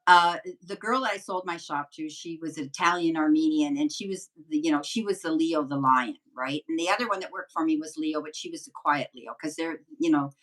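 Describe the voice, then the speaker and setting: An older woman with a lowish voice tells long, rambling stories as a medium guest in a relaxed interview. She sounds a little distant from the microphone. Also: fairly quick, few pauses. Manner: rambling, chatty anecdotes. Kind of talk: casual storytelling interview.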